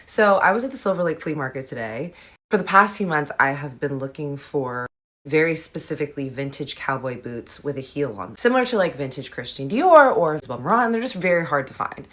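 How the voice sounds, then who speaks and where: A young woman telling a story in a casual, animated and sarcastic way, acting out the people in it. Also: sits low, fairly quick. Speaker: content creator telling a story.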